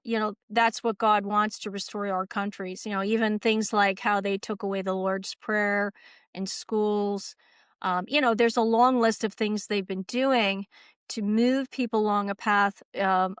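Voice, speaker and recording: Canadian woman, interview guest, smooth clear voice, rambling and emphatic delivery. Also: medium pitch, a bit bright, no room sound, studio quality. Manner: rambling and emphatic, heavy on fillers. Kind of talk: casual interview conversation.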